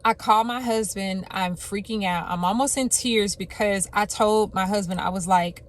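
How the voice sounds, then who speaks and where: A woman's voice: mid-range voice, moderate pace. Earnest woman vlogger in her forties. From United States. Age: 40s. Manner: heartfelt, addresses viewers as y'all; talks to God and quotes others in lively asides. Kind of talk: casual personal vlog talk.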